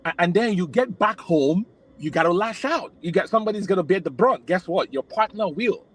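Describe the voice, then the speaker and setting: Man from Nigeria, podcast guest, reflective, explains at length, slightly high voice. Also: lively intonation, a little fast, breathy edge, poor audio. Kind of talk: casual podcast conversation.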